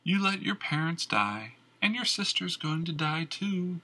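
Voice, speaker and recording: A cruel, unseen tormentor hisses taunts out of the dark in a cold, mocking tone, voiced by a male storyteller. The voice sits a little above his own and keeps a husky grain. It is a menacing storybook villain. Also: a little high, very animated, measured pace, voice pushed up, exaggerated voice. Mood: taunting.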